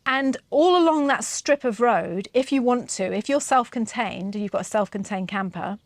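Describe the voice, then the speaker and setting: High-voiced chatty woman. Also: moderate pace, no echo. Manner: chatty, rambling, lots of fillers. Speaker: host. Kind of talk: casual storytelling chat.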